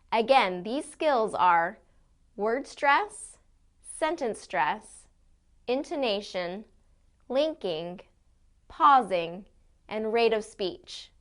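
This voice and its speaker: Clear-spoken woman pronunciation teacher. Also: fairly high pitch. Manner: clear, deliberate modeling of sounds. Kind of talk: scripted lesson narration.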